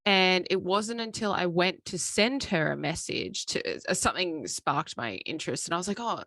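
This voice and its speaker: Easygoing woman co-host, husky-low gravelly tone, dry close sound. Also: moderate pace, no echo. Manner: easygoing storyteller, calm advice giver. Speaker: podcast co-host. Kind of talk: casual chat.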